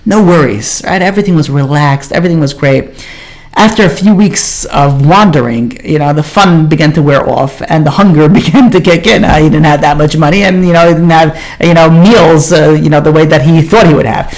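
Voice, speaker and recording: A man's voice: fairly high pitch, a little fast, few pauses. A man who is a rabbi, telling a story in a sermon, speaking casually with many fillers like "you know" and "like".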